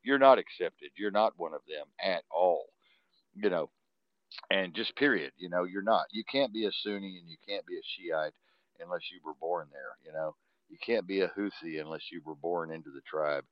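A man's voice: low voice, moderate pace, no room sound, dull audio. A man with a Texan accent hosting a live stream, rambling casually, laughing often, with a constant "you know". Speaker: host of a live talk stream.

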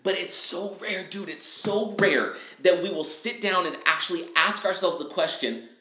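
A man talking on a podcast, lively and casual, who acts out little quoted lines in other voices. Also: high voice, moderate pace, reverberant. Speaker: guest speaker. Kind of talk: energetic podcast interview.

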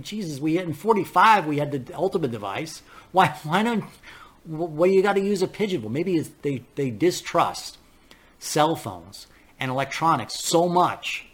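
A man's voice: fairly high pitch, husky. An older man hosting a political podcast, ranting bluntly in a casual, profane monologue and laughing at his own stories. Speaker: podcast host.

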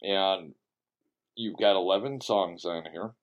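Joking man hosting a radio show, low voice. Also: slow, highs cut off. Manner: joking, rambling, teasing. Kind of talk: casual radio interview chat. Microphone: studio mic with webcam.

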